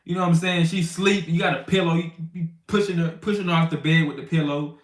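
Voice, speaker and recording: A man's voice: fairly high pitch, steady tone, fairly quick. A man teaching scripture to the brothers in a loose, slangy, conversational way, acting out little scenes as he goes. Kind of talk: informal bible teaching. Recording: roomy sound from a distant mic.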